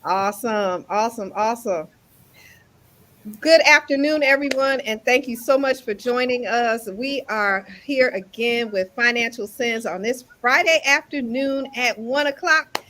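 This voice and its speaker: A woman's voice: on the high side, a little slow, fairly bright tone. A woman hosting a live online talk show as an insurance instructor, upbeat and enthusiastic.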